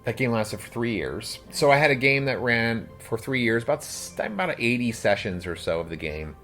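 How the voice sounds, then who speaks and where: A man's voice: mid-range voice, expressive, normal speed, a bit bright. Chatty man explaining over faint music. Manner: explains at length, many "like" fillers. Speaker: podcast co-host and game master. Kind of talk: casual podcast chat.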